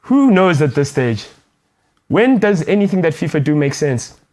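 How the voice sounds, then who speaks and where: A man's voice: a little high, big pitch swings, moderate pace, a little mellow. A man co-hosting a sports talk show, dropping short, dry quips into casual banter.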